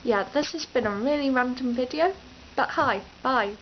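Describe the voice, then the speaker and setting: A young vlogger from the East Midlands of England speaks in a high voice at normal speed, rambling chattily and unscripted to her camera at home and often breaking off mid-sentence. Her camera mic yields dull audio with slight background noise.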